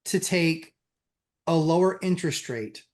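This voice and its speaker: A man co-hosting a casual podcast, laying out his points step by step. His voice is a bit high for a man. He sounds easygoing and explanatory. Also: expressive, measured pace, darkish tone. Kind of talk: casual real estate chat.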